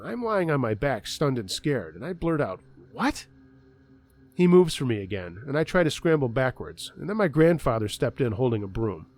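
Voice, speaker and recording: A man's voice: mid-range voice, big pitch swings, brisk, hardly any pauses, a little mellow. A man narrating a true scary story in a conversational first-person way.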